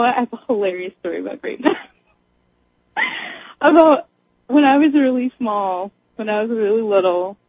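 Female caller, higher voice, breathy, tinny phone line, laughs through her story. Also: no echo. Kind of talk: casual chat.

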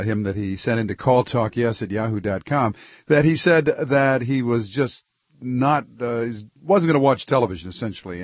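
A man's voice: medium pitch, no room sound, muffled recording. Rambling male radio talk host. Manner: loose, rambling, jokey. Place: radio studio.

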